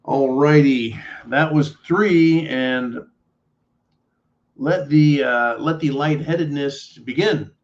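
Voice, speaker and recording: Speaking slowly over dull audio, a man on a live stream reads out viewer messages and delivers a casual political rant to his chat. He's blunt, sarcastic and swears, veering from low mutters to loud bursts.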